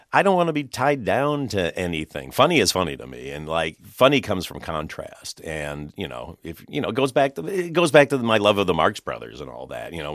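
A man with a very low voice talks like a film director being interviewed, animated and quick to laugh. He tumbles through restarts as his thoughts pile up. The sound is dry and close. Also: no echo. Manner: animated, chatty, laughs often, many restarts. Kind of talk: conversational interview.

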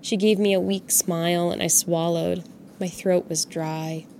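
With clear music behind her and a little hiss or hum in the recording, a woman in her twenties from Montana tells a personal story on her podcast. She's reflective, candid, and wry, speaking a little slowly in a fairly low, steady, slightly mellow voice.

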